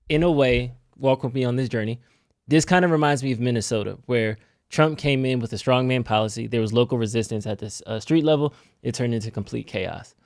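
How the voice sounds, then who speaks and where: A man's voice: medium pitch, no room sound. A man with a mid-range voice, co-hosting a live show and bringing in news items in a loose, conversational way. The sound is close and dry, with no room around it. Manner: conversational, reads news items, brief agreements. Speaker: co-host. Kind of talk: casual live-show banter.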